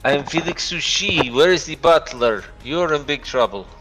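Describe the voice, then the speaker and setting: A man voicing a brash male adventurer who loudly demands answers. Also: a little high, animated, normal speed, over music, close to an everyday voice, low-quality recording. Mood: demanding. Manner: demanding, loud.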